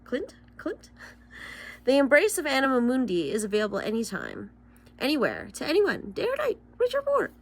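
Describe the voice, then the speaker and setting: A woman's voice: high-pitched, huge pitch swings, brisk. Young woman, tarot reader, casual vlog, swears and laughs between solemn card readings.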